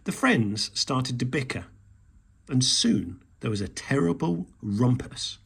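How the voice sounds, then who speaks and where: Gravelly, slow male storyteller. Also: medium pitch. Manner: slow, expressive reading. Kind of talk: children's storybook reading.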